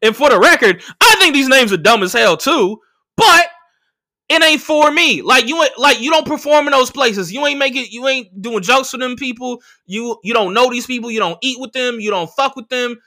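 A man's voice: extremely high pitch, normal speed, pushed and bright. A man, hosting a podcast and telling a story in a casual, profane rant, acting out the people he quotes. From United States. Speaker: podcast host and comedian.

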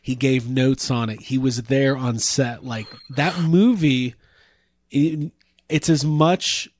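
A man's voice: medium pitch, fairly even intonation, takes it slowly, dry recording. Enthusiastic man in a dry room. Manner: enthusiastic, swearing, storytelling. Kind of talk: casual chat.

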